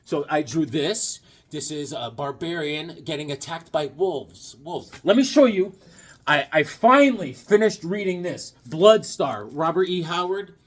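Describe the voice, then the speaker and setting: A middle-aged man rambling and joking through a casual comic-collecting vlog, goofy and animated. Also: on the high side. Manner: goofy, joking, animated, acts out quick bits.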